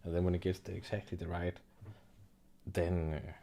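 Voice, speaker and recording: A young man hosting an art livestream, rambling and joking in a relaxed chat while he laughs and swears. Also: low voice, moderate pace, creaky, slight background noise. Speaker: livestream host and digital artist.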